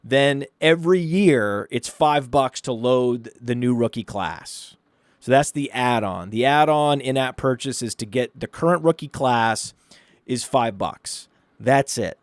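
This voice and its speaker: A man co-hosting a podcast, telling stories in an animated, ranting way. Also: mid-range voice, unhurried, dry recording. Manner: animated storyteller, rants excitedly. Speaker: podcast co-host. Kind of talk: casual podcast chat.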